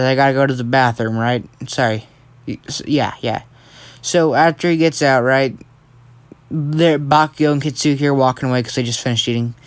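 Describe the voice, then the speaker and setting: A young man casually telling a fan story, rambling and correcting himself, often checking in with a quick question. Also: medium pitch, smooth, dry recording. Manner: rambling, self-correcting, keeps adding "right?".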